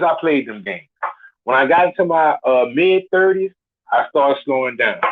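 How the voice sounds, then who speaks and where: A man of forty, a caller on a live show, ranting bluntly and with swagger, swearing constantly. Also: a little high. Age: 40s. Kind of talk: profane rant. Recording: tinny phone line.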